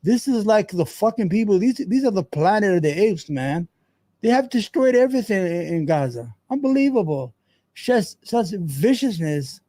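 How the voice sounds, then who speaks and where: A man's voice: sits high, very animated, moderate pace, mellow, no echo. A man hosting a show, giving heated, profane, rambling commentary on a news clip. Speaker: show host.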